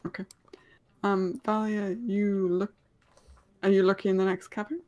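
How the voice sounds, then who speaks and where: A woman's voice: medium pitch, flat delivery, moderate pace, warm tone. A woman running a tabletop game as game master, narrating scenes in a hesitant way with many ums.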